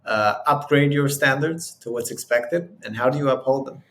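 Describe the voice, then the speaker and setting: A man hosting a podcast, asking questions in a measured, slightly hesitant way. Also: medium pitch, a bit bright. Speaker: podcast host. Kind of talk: interview questions. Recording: roomy echo.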